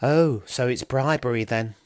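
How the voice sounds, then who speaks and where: A man voicing a soft, friendly Stone Age girl who talks gently and with amusement. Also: mid-range voice, unhurried, dry recording, clean studio sound, lightly acted. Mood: gentle.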